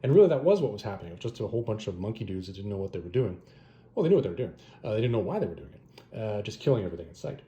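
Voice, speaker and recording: A man casually retelling a fantasy story and reviewing comic adaptations, rambling and animated, correcting himself as he goes. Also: on the low side, very fast, dull audio. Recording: roomy echo.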